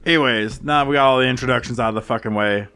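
A man's voice: medium pitch, fast, bright, forceful tone, a little hiss or hum. A man co-hosting a podcast, talking in a loose, profane, joking way. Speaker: podcast co-host. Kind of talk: casual chat.

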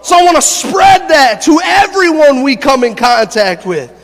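A man preaching a sermon, an animated storyteller who laughs through his stories and builds to shouted preaching. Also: very high-pitched, moderate pace, long reverb tail. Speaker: pastor. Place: church sanctuary.

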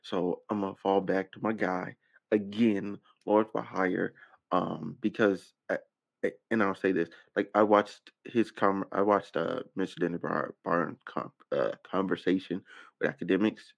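A man's voice: low voice, steady tone, a little slow, creaky, lo-fi sound. A man hosting a casual commentary stream, rambling, cursing, and often repeating himself. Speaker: reaction channel host.

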